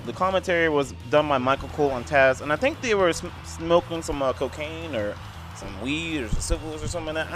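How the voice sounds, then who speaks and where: A man's voice: a little high, a bit bright. A man giving a casual video game review voice-over, rambling and blunt, padding his talk with "I mean" and "like". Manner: blunt and opinionated.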